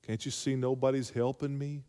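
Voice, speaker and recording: A man's voice: mid-range voice, flat delivery, normal speed, mellow, close to an everyday voice. A preacher voicing a frazzled, overworked woman who complains shrilly and in exasperation. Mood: complaining. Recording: long hall reverb.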